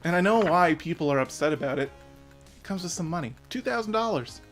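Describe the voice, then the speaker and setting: A man's voice: fairly high pitch, lively intonation, a little fast, fairly bright tone, faint music behind. A man in his thirties giving an earnest, emotional personal rant as a vlogger, swearing now and then. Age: 30s.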